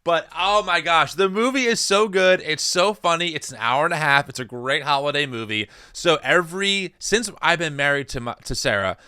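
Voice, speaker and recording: A man's voice: a little high, lively intonation, normal speed, hardly any pauses, sharp tone, smooth, dry recording. A man in his thirties hosting a podcast, chatting casually with dry, sarcastic teasing. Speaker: podcast host. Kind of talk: casual chat.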